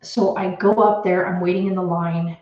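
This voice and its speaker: A woman's voice: fairly low pitch, flat delivery, normal speed, a little mellow. Woman vlogger, home office, nervous rambling storyteller near tears; roomy, slightly muffled audio. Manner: anxious, rambling retelling with many restarts. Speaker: homestead vlogger. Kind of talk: casual storytelling to camera.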